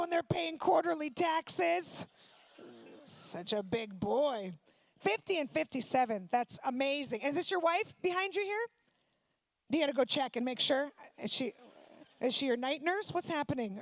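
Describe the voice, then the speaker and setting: A woman from Ukraine doing stand-up comedy, teasing audience members in quick banter on a handheld stage mic. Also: extremely high pitch, no echo. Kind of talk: stand-up comedy with crowd work. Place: comedy night venue before a live audience.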